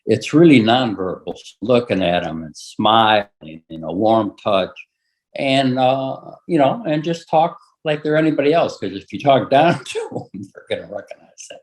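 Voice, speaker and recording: A man gives plain, reassuring advice in an interview, at an ordinary middle pitch. His tone is sincere and down to earth. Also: lively intonation, normal speed. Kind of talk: interview testimony.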